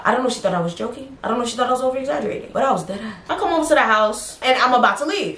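A woman's voice: on the high side, expressive, rapid-fire, hardly any pauses, fairly bright tone. Blunt, profane woman vlogger ranting. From United States. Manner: blunt and profane, with many "like" fillers. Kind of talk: casual storytime rant. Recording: roomy echo.

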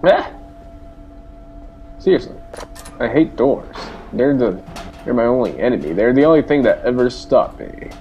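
A man's voice: mid-range voice, very animated, moderate pace, pauses often, dull audio. A young man giving goofy, boastful let's play commentary, whooping and cheering as he plays. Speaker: gamer. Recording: game sounds and engine noise behind.

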